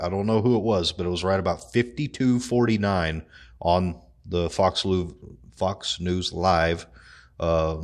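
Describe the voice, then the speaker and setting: Crude, laughing man with a low voice. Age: adult. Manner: crude, joking, laughs at his own humor. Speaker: vlog host. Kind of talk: casual political commentary vlog.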